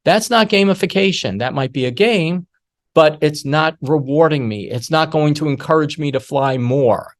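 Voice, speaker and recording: A middle-aged man delivers a workshop masterclass in an animated storytelling manner, often slipping into the voices of the people he quotes. His speaking voice sits a little higher than most men's. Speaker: security awareness lecturer.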